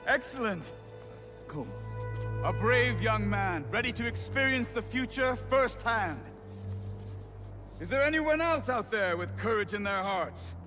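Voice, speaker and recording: A flamboyant stage illusionist in a video game, swooping through a lively pitch range with grand announcer flair. He speaks slowly and with show, over clear game music. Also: full character voice. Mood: showman. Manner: grand, showy announcer delivery. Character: theatrical adult male illusionist, showman. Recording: game audio with music underneath.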